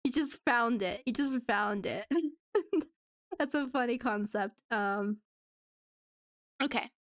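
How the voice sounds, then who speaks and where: Giggly woman streamer rambling on, kinda high voice, dry close mic. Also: slow pace, dry recording. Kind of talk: casual live-stream chat.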